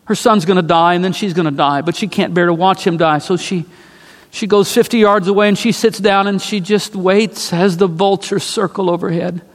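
A man's voice: sits high, steady tone, moderate pace, big-room sound. A man preaching a sermon, retelling a story dramatically with emphatic repetition.

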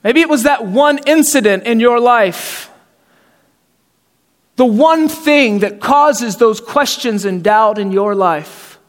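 A man's voice: very high voice, expressive, takes it slowly. A man preaching a sermon in a conversational way, asking rhetorical questions and acting out the people in his story. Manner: conversational, acts out quoted voices, rhetorical questions. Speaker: pastor. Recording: hall reverb.

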